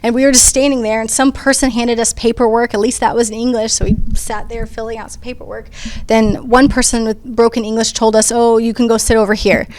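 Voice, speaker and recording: A woman's voice: a little high, little pitch movement, brisk, darkish tone, slight background noise. A woman on a discussion panel, telling her own story in an earnest, conversational way with frequent ums and restarts. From United States. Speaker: panel speaker. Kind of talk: personal testimony in a panel discussion.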